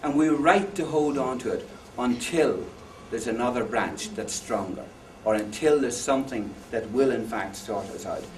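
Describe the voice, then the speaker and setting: A man's voice: mid-range voice, normal speed, hardly any pauses, a little mellow. Man lecturing in an echoey hall. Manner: anecdotal, jokey, asks the audience questions. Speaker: conference speaker. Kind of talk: lecture to an audience. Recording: echoey hall, far from mic, faint noise.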